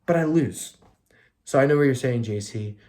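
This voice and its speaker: Profane, rambling fantasy hockey podcast host. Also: male voice, medium pitch, normal speed, darkish tone. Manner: loose and profane, riffs with mock rants. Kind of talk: casual recap podcast.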